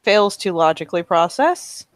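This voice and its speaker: A woman's voice: lowish voice, very animated, moderate pace, no echo. A woman playing a tabletop game, describing her character's actions in third person. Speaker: player.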